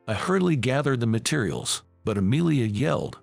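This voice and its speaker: A male narrator tells a first-person story in a scripted, measured way, his gravelly mid-range voice moving expressively up and down with lively intonation. Soft music plays faintly beneath him, and there's no room sound.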